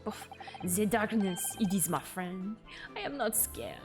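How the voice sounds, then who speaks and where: A woman's voice: mid-range voice, lively intonation, moderate pace, music in the background, voice pushed down, natural voice. A woman voicing a cocky young French thief with a mock French accent, speaking theatrically. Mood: scheming.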